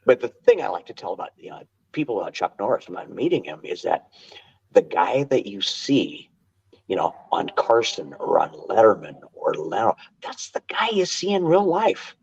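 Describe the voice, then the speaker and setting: An older man telling stories as a podcast guest, animated and quick to restart his sentences, on dull lo-fi audio. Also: on the low side, creaky, husky. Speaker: guest, martial arts instructor. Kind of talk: casual storytelling interview.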